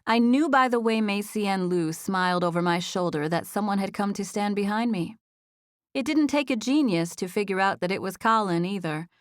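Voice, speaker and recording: A woman narrating a first-person romance audiobook in an even storytelling voice, recorded in a studio. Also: medium pitch, moderate pace, clean tone, no echo.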